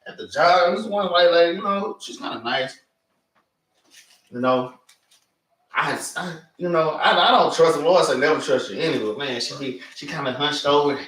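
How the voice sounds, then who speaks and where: A man leading an informal preaching class, animated and street-casual, tagging "man" onto his sentences. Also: a little high, normal speed. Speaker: class teacher. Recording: echoey room, mic far off.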